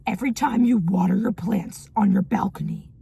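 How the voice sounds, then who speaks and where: A woman voicing her neighbor as a creepy serial killer, reading a complaint note slowly in a sinister, raspy tone. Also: mellow, a little hiss or hum. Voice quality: gravelly, raspy and low.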